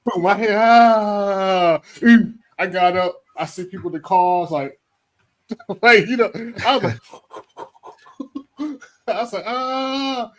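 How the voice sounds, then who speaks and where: Animated, laughing man telling stories. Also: sits high, unhurried, long pauses. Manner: animated storyteller, acts out voices, laughs often. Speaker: co-host. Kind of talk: casual chat.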